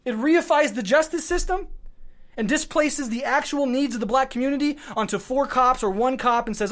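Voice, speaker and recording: A man hosting a podcast launches into a heated political monologue, swearing freely and building his points through rapid, repeated clauses. He sounds raw and worn out from lack of sleep, his emotions barely held in check. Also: extremely high pitch, a bit bright. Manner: fiery, swearing, emphatic, speaking in repeated short clauses. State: emotionally worked up and short on sleep. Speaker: podcast host.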